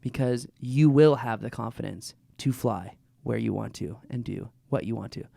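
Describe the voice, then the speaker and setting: Man, gravelly voice, dry close sound, enthusiastic podcast co-host chatting. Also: mid-range voice, normal speed, dark tone, no echo. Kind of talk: casual chat.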